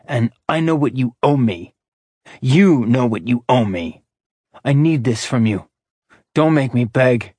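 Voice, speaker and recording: A man voicing a weary, protective immortal man who talks in a low, clipped, threatening way. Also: a little slow, a little mellow, no echo, natural voice. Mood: defiant.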